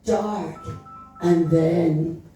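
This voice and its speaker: A woman's voice: fairly low pitch, steady tone, drawn-out words, vocal fry, mellow, soft background music. A woman storyteller giving a dramatic literary reading at a live club event, lingering over the words with a savouring, teasing delivery. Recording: very echoey room, voice far from the mic.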